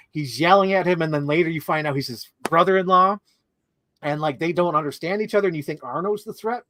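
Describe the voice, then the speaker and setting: A young man with a fairly high voice chats eagerly about a film, stringing thoughts together in long lists peppered with "like". The sound is close and dry, with no room echo. His delivery is casual and conversational. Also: fairly bright tone. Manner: enthusiastic, talks in long run-on lists with many "like"s. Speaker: co-host. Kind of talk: casual movie discussion.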